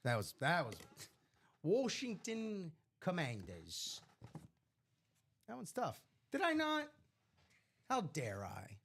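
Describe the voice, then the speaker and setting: A man hosting a live sports memorabilia break stream, chatting casually with slangy, animated asides. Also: a little high, takes it slowly, pauses often, husky.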